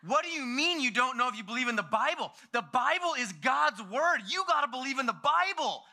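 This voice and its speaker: A man voicing an eager, zealous eight-year-old boy who pleads urgently in a high voice. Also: sing-song, a little fast, pushed and bright, exaggerated voice. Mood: insistent, excited.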